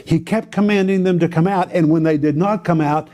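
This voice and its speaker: A man's voice: fairly high pitch, fairly quick, mellow. A man teaching on a Bible passage to a co-host, telling it in a dramatic, emphatic way with repeated phrases.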